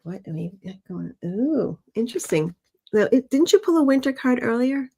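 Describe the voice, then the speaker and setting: A middle-aged woman co-hosting a livestream, giving oracle card messages in a thoughtful, gently questioning way. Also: a little high, big pitch swings, moderate pace, slightly rough. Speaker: co-host reading oracle cards. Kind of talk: casual livestream chat.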